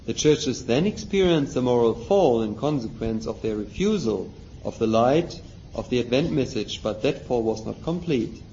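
A man's voice: medium pitch, mellow. Man teaching a Bible study, lo-fi. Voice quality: measured, explaining with questions to listeners. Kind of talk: Bible study lecture reading from a book. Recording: dull lo-fi recording, faint noise.

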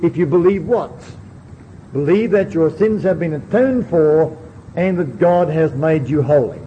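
A man's voice: fairly high pitch, a little slow. A man preaching a sermon, earnestly putting questions straight to his listeners. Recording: dull lo-fi recording with faint hiss.

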